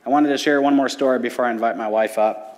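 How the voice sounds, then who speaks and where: A man's voice: medium pitch, steady tone. A man in his thirties, a youth pastor, telling his personal testimony from a church stage with earnest, paced storytelling. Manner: earnest storytelling with dramatic pauses. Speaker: middle school ministry pastor. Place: church sanctuary. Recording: long church hall reverb.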